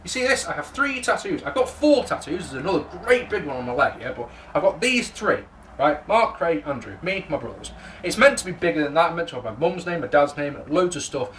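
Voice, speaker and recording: A man's voice: on the high side, sing-song, brisk, a bit bright, a little hiss or hum. A young man giving a casual, jokey, sweary spoken wrestling review to camera.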